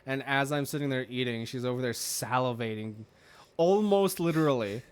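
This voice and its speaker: A man's voice: mid-range voice, normal speed, clear, resonant tone. A man hosting a podcast, telling a rambling story in casual chat, swearing freely and acting out what people said. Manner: rambling, swears freely, acts out quoted dialogue. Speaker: podcast host.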